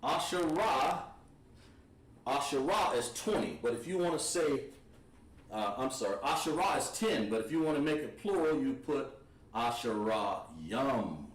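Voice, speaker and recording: A man teaching a Hebrew class at a board, patient and encouraging, repeating words slowly. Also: a little high, lively intonation. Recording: echoey room, voice from far off.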